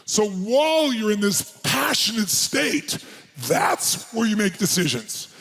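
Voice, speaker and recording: A man giving a live seminar address as a motivational speaker, firing rapid questions and commands at the audience. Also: high-pitched, sing-song, a bit bright, soft background music. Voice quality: gravelly, husky voice.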